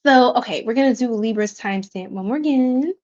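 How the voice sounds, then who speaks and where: Chatty woman on a livestream, kinda high voice, laughs a lot, lo-fi dull sound. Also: brisk, a little mellow. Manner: bubbly, chatty, laughs often, slangy asides to chat. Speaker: tarot reader livestream host. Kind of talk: casual livestream chat reading comments. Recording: dull lo-fi stream audio.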